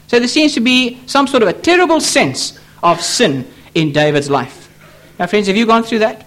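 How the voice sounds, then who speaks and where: Male pastor, very high pitch and lively intonation; emphatic, repetitive pulpit sermon. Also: moderate pace. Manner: emphatic, repetitive preaching with pleading appeals. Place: church.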